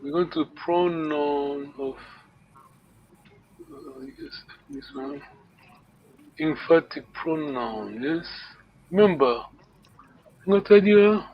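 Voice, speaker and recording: A man teaching a language class online, speaking haltingly, repeating words and checking in with his students. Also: fairly high pitch, sing-song, a little hiss or hum. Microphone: video call. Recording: lo-fi online call audio.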